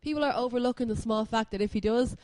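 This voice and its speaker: A woman whose voice is hoarse and rough from illness, recorded dry and close. She talks casually and pokes fun at herself. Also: a little high, fast talker, a little mellow, dry recording. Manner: self-mocking, laughs at herself. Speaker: podcast co-host. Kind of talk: casual chat.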